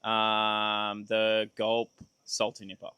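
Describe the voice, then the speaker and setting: An Australian man, a tournament angler, chatting relaxed and self-deprecating at a weigh-in. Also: lowish voice, takes it slowly, smooth, no room sound. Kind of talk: casual on-stage interview.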